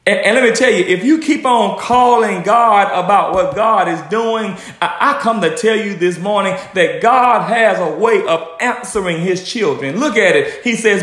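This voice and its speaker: Male preacher, high and lively, rhythmic repeats, echoey sanctuary. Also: moderate pace, hardly any pauses. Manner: animated, rhythmic preaching with repetitions and acted quotations. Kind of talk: sermon.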